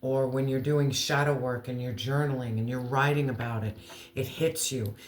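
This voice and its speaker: A man giving an earnest, emotional tarot reading, slowing down to stress key words. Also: medium pitch, fairly even intonation, reverberant. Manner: earnest, emotional, slow deliberate emphasis. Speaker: tarot reader.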